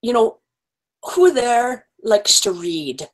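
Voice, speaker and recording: A woman telling stories and reading poems to children in a playful, animated way, with animal sound effects, over a video call. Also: fairly high pitch, takes it slowly, rough recording. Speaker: children's storyteller.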